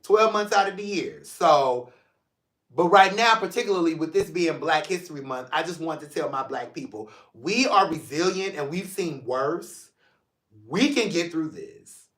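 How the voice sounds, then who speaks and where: A man's voice: on the high side, reverberant. A man from St. Louis hosting his own talk show, chatting casually and jokingly, shifting into earnest reflection. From St. Louis, Missouri. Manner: animated, joking, drifts between playful and emotional. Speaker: podcast host. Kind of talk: casual solo livestream talk.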